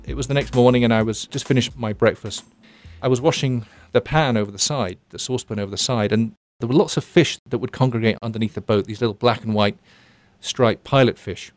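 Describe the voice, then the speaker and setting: A middle-aged man recounting an ocean voyage in a reflective, halting way, often restarting words. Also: mid-range voice, no room sound, soft background music. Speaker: ocean adventurer. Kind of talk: recounting a story in an interview.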